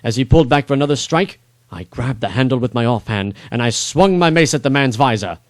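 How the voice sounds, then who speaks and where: A man reading his own first-person adventure story aloud in a dramatic, expressive way. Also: medium pitch, brisk, no echo. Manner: expressive, rising on action beats.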